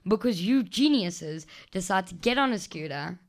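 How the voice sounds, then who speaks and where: A young woman from South Africa co-hosting a casual chat, telling animated stories with lots of fillers and restarts. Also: mid-range voice, normal speed. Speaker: podcast co-host.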